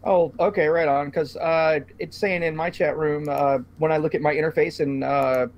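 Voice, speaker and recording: A man's voice: a little high, steady tone, moderate pace, a little mellow, dull audio. A man hosting a casual podcast, talking loosely with lots of fillers and restarts. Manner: rambling, many fillers and restarts. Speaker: podcast host.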